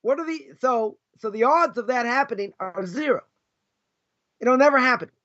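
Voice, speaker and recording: A man's voice: very high voice, expressive, moderate pace, a bit bright. A man with a Boston accent teaching an informal Torah class as a rabbi, arguing in rhetorical questions and repeating his key phrases for emphasis. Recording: dull lo-fi recording.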